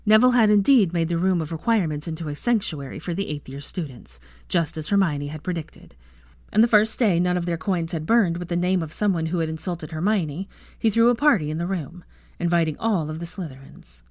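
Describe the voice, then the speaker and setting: A woman reading fan fiction aloud with an expressive reading voice. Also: fairly low pitch, a little fast, dry recording, clean studio sound.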